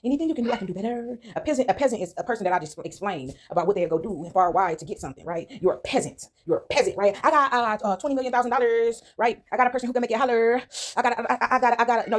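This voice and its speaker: Rapid-fire emphatic woman vlogger. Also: a little high. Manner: emphatic, repetitive, keeps asking "right?". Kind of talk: casual monologue to viewers.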